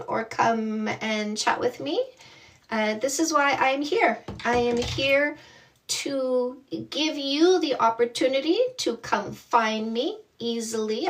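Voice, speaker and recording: A woman's voice: fairly high pitch, recorded from a distance. A woman from Canada, a dating coach, chatting casually and bubbly with viewers on a livestream, often laughing.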